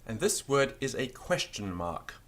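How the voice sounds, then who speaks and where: A man teaching a beginners' language lesson, patiently spelling out words letter by letter. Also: a little slow. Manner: lively pitch, stresses example words.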